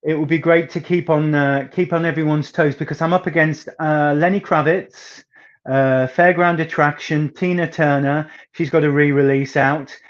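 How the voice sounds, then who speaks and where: A man with a soft northeast English accent and a fairly high voice, telling chatty stories in an interview. His emphasis turns theatrical at times. The audio is slightly muffled and lo-fi. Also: fairly even intonation, normal speed. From northeast England. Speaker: singer guest.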